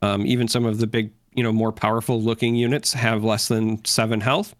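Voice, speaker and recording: A man's voice: on the low side, fairly even intonation, a little fast, no room sound, studio quality. A man co-hosting a podcast, chatting casually and joking with playful impressions. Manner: easygoing, jokes with playful impressions. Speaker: podcast co-host. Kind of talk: casual chat.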